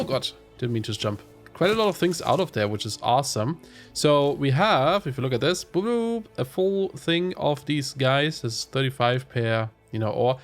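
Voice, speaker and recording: Nasal, congested man rambling over gameplay. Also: mid-range voice. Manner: rambling, chatty, self-interrupting. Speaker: let's play host. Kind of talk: casual gameplay commentary.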